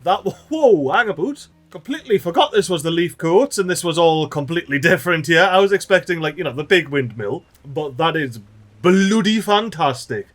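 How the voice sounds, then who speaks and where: A man giving excitable, chatty let's play commentary and talking to the little characters in his game. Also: a little high, normal speed. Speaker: gaming channel host.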